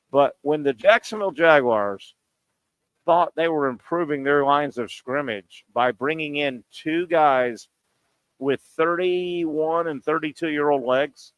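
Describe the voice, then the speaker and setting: A man's voice: a little high, fairly bright tone, no room sound. A man hosting a sports talk show, ranting combatively with pointed rhetorical questions, broadcasting from a bar and grill. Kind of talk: sports talk radio rant.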